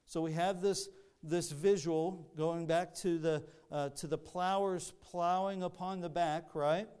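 A man's voice: a little high, fairly even intonation, a little slow, a little mellow, clear, resonant tone. A man preaching a sermon in an earnest way, often repeating words and restarting his sentences. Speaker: pastor.

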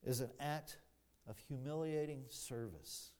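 Slow, deliberate preacher man. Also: medium pitch. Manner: slow and deliberate, swelling louder on emphatic phrases. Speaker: pastor. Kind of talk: expository sermon.

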